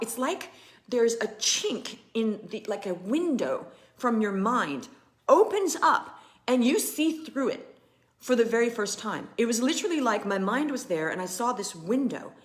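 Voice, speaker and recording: A woman business coach talking in a chatty, animated and emphatic way to viewers of a live stream. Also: on the high side.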